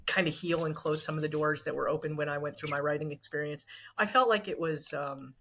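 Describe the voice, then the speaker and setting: A woman's voice: low-pitched, fairly even intonation, fairly quick, a bit bright, a little hiss or hum. A woman guest in a casual interview, speaking earnestly and thoughtfully, often restarting her sentences. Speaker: guest author.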